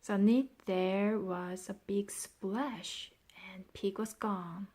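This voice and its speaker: A woman narrating a children's storybook in a slow, expressive way, now and then dropping into soft whispers. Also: mid-range voice. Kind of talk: scripted narration.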